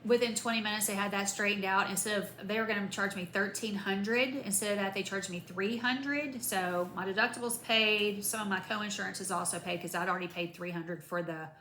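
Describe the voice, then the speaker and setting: A woman's voice: mid-range voice, a little fast, few pauses, echoey room, slight background noise. A woman, chatting casually to camera about her recovery after surgery, rambling with lots of asides. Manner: chatty, rambling, animated retelling with many asides. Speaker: vlogger.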